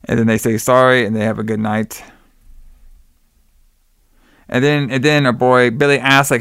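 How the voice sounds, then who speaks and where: A man's voice: medium pitch, level tone, moderate pace, creaky, long pauses, fairly bright tone, clear, resonant tone, no echo, studio quality. A man co-hosting a podcast, recapping a film scene by scene and acting out the characters' lines. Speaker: podcast co-host.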